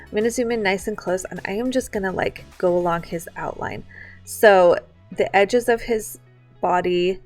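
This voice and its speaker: Chatty young woman instructor, mid pitch, casual step-by-step walkthrough, faint music behind. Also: unhurried. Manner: chatty, filler-heavy, explains step by step. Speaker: photography instructor. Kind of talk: casual screen-share tutorial. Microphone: computer mic on a live online class.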